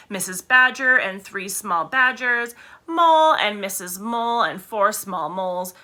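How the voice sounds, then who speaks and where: A woman reads a children's storybook aloud with an expressive, animated delivery. Her voice is bright and swings widely, and she pauses to fix her own slips. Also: mid-range voice. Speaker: reader. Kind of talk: reading a children's book aloud.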